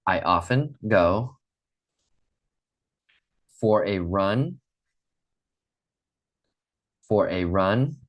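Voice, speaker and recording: Low-voiced male English teacher, patient and deliberate, leading repetition drills over a video call. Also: muffled recording. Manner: slow, patient, repeats drills for students. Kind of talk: online English lesson.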